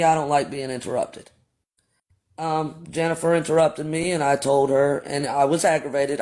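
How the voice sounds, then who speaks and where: A male livestream host with a high-leaning, darkish voice tells a story casually and bluntly, full of profanity. He talks straight to his viewers, calling them "y'all."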